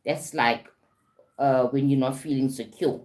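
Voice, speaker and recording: Woman, South African accent, very low pitch, life coach, live-stream talk, frequent "okay?". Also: steady tone, unhurried, a little mellow. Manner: repeats "right?" and "okay?" often, greets viewers.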